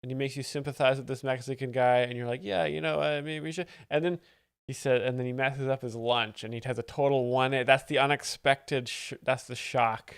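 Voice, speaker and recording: A man hosting a stream, explaining jokes in a deadpan, faux-earnest expert manner. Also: mid-range voice, brisk, gravelly, clean tone, no echo, studio quality. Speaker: host, joke explainer. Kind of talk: mock-expert comedic commentary.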